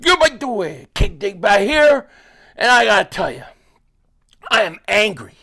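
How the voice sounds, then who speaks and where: Loud ranting man with a gravelly voice. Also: high voice, animated, moderate pace. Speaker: sports fan commentator. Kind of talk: angry fan rant.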